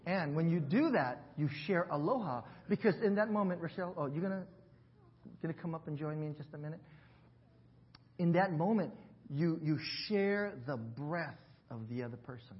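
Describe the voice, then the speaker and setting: A man's voice: on the high side, normal speed, lo-fi sound. A man pastor preaching a sermon in church, leading the congregation to repeat words after him. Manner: warm teaching, invites congregation to repeat words. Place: church sanctuary.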